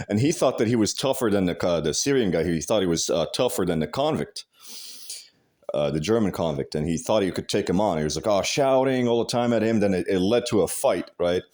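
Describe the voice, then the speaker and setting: A man's voice: on the low side, animated, normal speed, a little mellow. A man in a casual rant, profane and agitated, swearing heavily and restarting his sentences. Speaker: vlogger.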